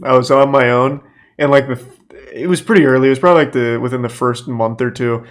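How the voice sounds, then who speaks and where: A man streaming his reaction to a video, making deadpan, profane asides in casual commentary. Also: mid-range voice, quick pace.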